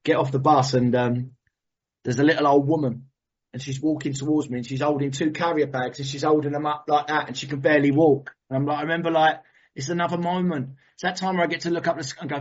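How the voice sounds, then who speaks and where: Guy telling his recovery share, husky voice, kinda muffled lo-fi audio, gets animated. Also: a little high, quick pace. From England. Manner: animated, swearing, storytelling with emotional emphasis. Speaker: recovery meeting speaker.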